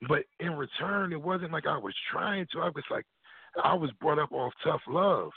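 A blunt, profane man chatting as a radio guest, acting out what people said. His voice is gravelly and husky. It comes through a dry, thin phone line. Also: a little high, moderate pace, no room sound. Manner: blunt, profane, acts out quotes. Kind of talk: casual radio chat.

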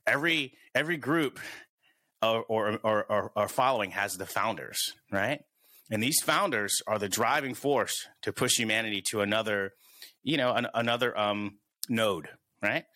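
A man's voice: on the low side, normal speed, sharp tone, no echo. A man hosting a casual podcast, thinking aloud with many restarts. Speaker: podcast host.

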